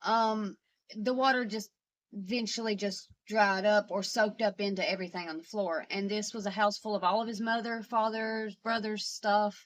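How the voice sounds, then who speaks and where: A woman vlogger telling a personal story in a halting way, with many pauses and restarts. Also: medium pitch, fairly even intonation.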